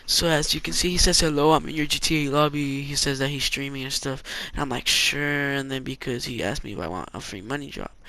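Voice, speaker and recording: A man's voice: medium pitch, a little fast, hardly any pauses, bright, forceful tone. A young man from California telling a rambling story about an online threat, loose and full of fillers and slang. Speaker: gaming vlogger. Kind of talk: casual story-time vlog.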